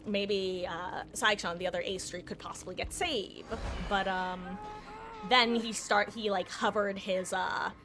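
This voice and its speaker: A woman's voice: mid-range voice, steady tone, unhurried, music in the background. A woman streaming a game live, chatting casually to viewers in a rambling way, laughing often and correcting herself. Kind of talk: casual live-stream chat while gaming.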